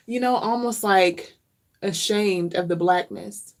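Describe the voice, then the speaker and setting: Earnest woman in reflective chat, lower voice. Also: lively intonation, takes it slowly. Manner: earnest, reflective, openly emotional; repeats phrases for emphasis. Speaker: vlogger. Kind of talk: casual chat.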